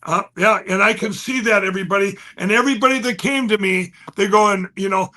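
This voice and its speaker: An excited guest with a high, bright voice tells a story conversationally. He talks fast and restlessly, repeating himself and restarting, his volume swinging between loud and soft.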